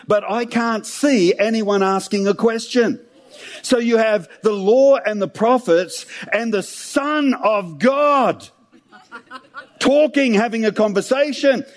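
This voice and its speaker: A man preaching a sermon, retelling scripture in a conversational, humorous way. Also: high-pitched.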